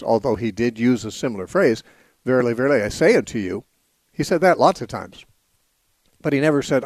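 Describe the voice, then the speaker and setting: A man hosting a call-in radio show, explaining scripture in a measured, patient way with frequent "uh" pauses. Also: medium pitch, no echo. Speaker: radio call-in host and Bible teacher. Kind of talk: unscripted call-in radio teaching. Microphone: studio microphone.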